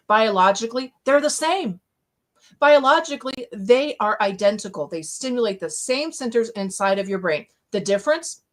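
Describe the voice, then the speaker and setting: A middle-aged woman giving a live motivational talk, emphatic and repetitive with a preaching cadence. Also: medium pitch. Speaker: motivational speaker.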